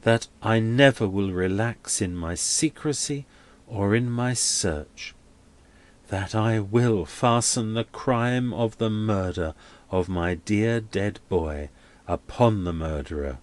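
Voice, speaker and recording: A man's voice: on the low side, slow pace. A man voicing a grieving, vengeful male choirmaster in a solemn, grim way. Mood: grim vow.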